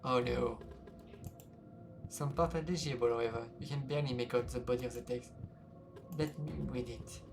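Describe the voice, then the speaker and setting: A man's voice: mid-range voice, steady tone, moderate pace, pauses often. A man streaming a game, reading the story aloud with reactions along the way, with game music behind. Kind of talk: reading a visual novel aloud with commentary.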